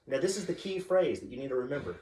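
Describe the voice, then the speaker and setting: A male comedian works a club stage with a bouncy, animated delivery. His pitch sits a little high and swings widely. He drops his punchlines deadpan, and the sound is roomy and slightly distant from the mic. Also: fast talker. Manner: deadpan punchlines, acts out a chanting child. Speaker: stand-up comedian. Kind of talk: stand-up storytelling.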